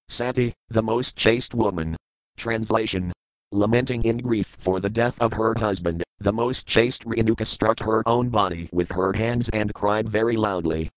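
Male reader, mid-pitched, measured recitation of verses and glosses, dry close recording. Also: no room sound, low-quality recording. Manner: measured, even reading cadence. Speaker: scripture reader. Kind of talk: recitation of verses with word-for-word meanings.

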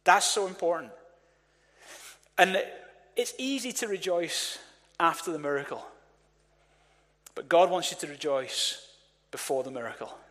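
Energetic male pastor in reverberant hall. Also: on the high side, measured pace, pauses often. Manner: energetic, calls on the congregation to respond. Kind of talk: sermon. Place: church hall.

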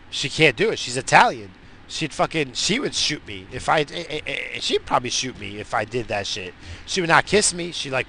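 Profane rambling man with a bright voice. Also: medium pitch, a little fast, vocal fry, slight background noise. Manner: profane, rambling, animated rants. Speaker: vlogger. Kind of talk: rambling stoned casual chat. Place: in a parked car.

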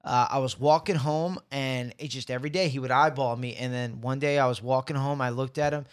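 A man's voice: mid-range voice, brisk, clean tone. A man telling stories in a casual chat, swearing freely and acting out the voices of the people in his stories. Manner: profane, animated, acts out quoted voices.

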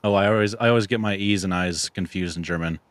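A young man hosting a podcast in casual chat, relaxed and rambling, often laughing. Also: sits low, fast, no echo. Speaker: podcast host.

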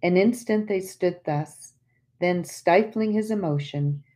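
Woman audiobook narrator, low and mellow, slow, tender delivery. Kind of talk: reading an audiobook.

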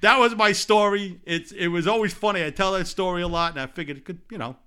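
Bright-voiced New man telling a story. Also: sits high, quick pace, clear, resonant tone. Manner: animated anecdote-telling with laughs and repeated "blah, blah". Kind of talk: casual storytelling chat.

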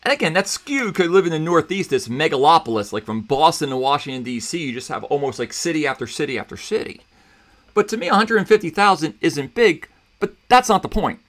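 A man's voice: on the high side, expressive, fairly quick, fairly bright tone. A man from the New York City suburbs hosting a podcast, giving emphatic, argumentative opinion commentary. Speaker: podcast host.

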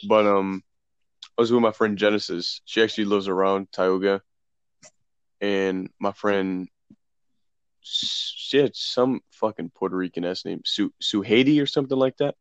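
A man's voice: fairly low pitch, normal speed, clean tone, no echo. A young man casually telling a profane story among friends, acting out the dialogue. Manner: loose, profane, animated retelling with quoted dialogue. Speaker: podcast co-host. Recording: dull, dry lo-fi sound.

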